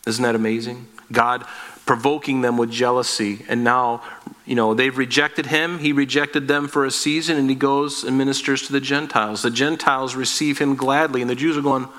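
Bright-voiced male pastor preaching. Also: medium pitch, fairly even intonation, moderate pace. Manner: earnest teaching tone with rhetorical questions. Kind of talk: expository sermon.

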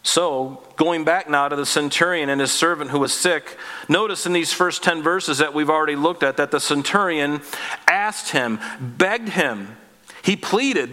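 Male pastor, chatty Bible teaching with rhetorical questions, a bit high-pitched, long hall reverb. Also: sharp tone. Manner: conversational, with joking asides and rhetorical questions.

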